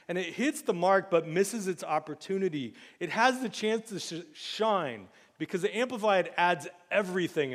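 A man preaching with a slightly high voice, animated and jokey, breaking into loud acted bursts. His voice rings out with long reverb, like a church hall. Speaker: pastor. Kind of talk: sermon. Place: church sanctuary.

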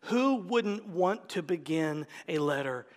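A male pastor preaching an animated sermon, emphatic, sometimes dropping to a whisper. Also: on the high side, slow, in a large hall.

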